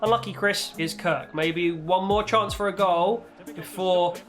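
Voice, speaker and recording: A young man commentating on his own football video game match, chatty with viewers and bursting into shouts when his team scores. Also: measured pace, soft background music. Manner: excitable, shouts and leaps in pitch on goals; chatty, talks to viewers as "guys" and "boys". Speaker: gaming YouTuber.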